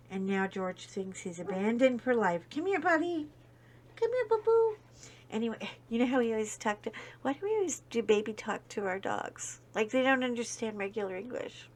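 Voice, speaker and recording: Chatty woman host, casual storytelling with lively swings. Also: medium pitch, brisk. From United States. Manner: chatty storyteller, animated, wandering asides. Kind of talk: casual chat while coloring.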